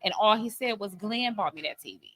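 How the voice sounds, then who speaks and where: Bright-voiced heartfelt woman. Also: medium pitch, expressive, fairly quick. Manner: heartfelt storytelling with many fillers. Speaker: podcast co-host. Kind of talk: candid conversation about parenting.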